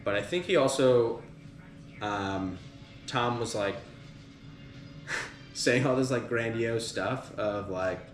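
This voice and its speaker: A man's voice: medium pitch, slow pace, long pauses. A man hosting a casual podcast, retelling band history in a rambling way with lots of fillers. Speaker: podcast host. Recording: echoey room with background noise.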